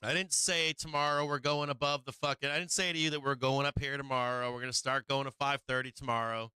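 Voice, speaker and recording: A man's voice: medium pitch, fairly even intonation, quick pace, pushed and bright, clear, resonant tone, dry recording, poor audio. A man hosting a live market stream, swearing freely, laughing often and repeating himself as he walks through charts. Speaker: market livestream host.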